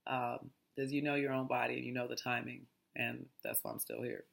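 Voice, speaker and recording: A woman's voice: very deep voice, level tone, fairly quick, creaky. A woman hosting a casual mindfulness talk, reading aloud in a chatty, digressive way and often restarting her lines. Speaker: host.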